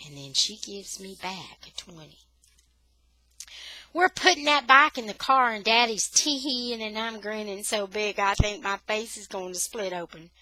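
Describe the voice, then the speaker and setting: A woman reading a children's novel aloud for English learners, slow and expressive. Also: mid-range voice, dry recording.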